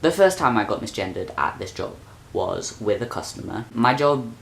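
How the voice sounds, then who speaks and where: A man's voice: on the low side, big pitch swings, moderate pace, gravelly, fairly bright tone. A young man, talking straight to camera in an exasperated, sweary rant for his vlog. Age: young adult. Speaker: vlogger.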